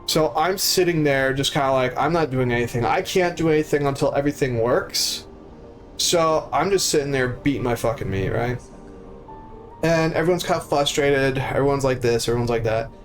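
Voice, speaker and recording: Profane storytelling streamer. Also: male voice, mid-range voice, normal speed, faint music behind. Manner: profane, acts out voices of people in his stories. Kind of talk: casual storytelling on a live stream.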